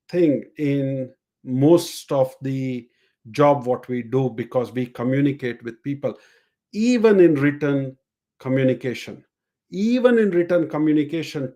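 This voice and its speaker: In a warm, slightly high voice, a man teaches a live-streamed session as a sales and communication coach. He explains and shows different ways of speaking, returning often to his main points.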